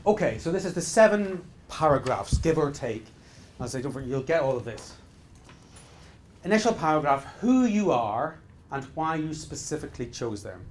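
A man's voice: medium pitch, lively intonation, a little fast, a little hiss or hum. A middle-aged man leading a business seminar, speaking emphatically in repeated exhortations with frequent restarts. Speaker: business trainer. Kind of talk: live seminar talk.

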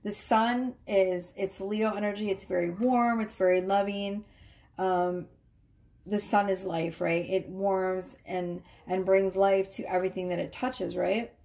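A woman's voice: medium pitch, level tone, a little slow, gravelly, dark tone. A woman giving a casual tarot reading from her home workroom, talking in a chatty way with fillers and frequent tag questions. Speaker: tarot reader.

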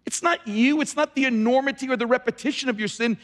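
A man's voice: very high-pitched, fast, a bit bright. A man preaching a sermon as pastor in a large church, emphatic and often repeating words as he starts sentences. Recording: long reverb of a large hall.

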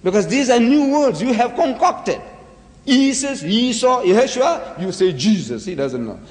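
A man's voice: high voice, sing-song, normal speed, a little mellow. A man giving a dramatic religious lecture full of rhetorical questions. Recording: echoey hall.

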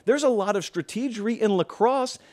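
A man's voice: sits high, brisk, darkish tone. A man hosting a college football show, delivering an emphatic opinion monologue full of rhetorical questions and sarcastic asides.

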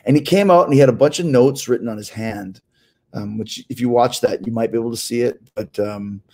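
A middle-aged male host spins loose, rambling anecdotes, doubling back on his words and swearing freely as he goes. His voice sits at an ordinary middle pitch and he answers listener questions in an easy, chatty style. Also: fairly quick, mellow. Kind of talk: casual storytelling chat.

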